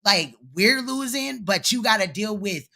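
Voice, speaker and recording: A man's voice: high-pitched, lively intonation, unhurried, creaky, sharp tone. A man hosting reaction commentary, sounding incredulous and firing off rhetorical questions. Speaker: commentary host.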